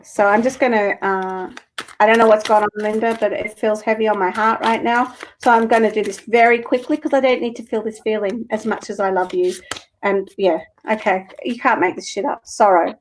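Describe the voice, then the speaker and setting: A woman's voice: medium pitch, steady tone, normal speed. A woman co-hosting a live stream and reading spiritual cards for viewers, earnest and emotional with the odd swear.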